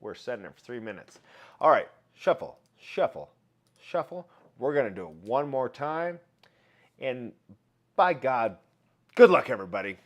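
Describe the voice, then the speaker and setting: A man's voice: medium pitch, expressive, normal speed, long pauses, highs cut off. A man hosting a casual live stream, chatting with viewers, greeting them by name and running giveaways. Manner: chatty, reads out viewer names and shouts greetings. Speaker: livestream host.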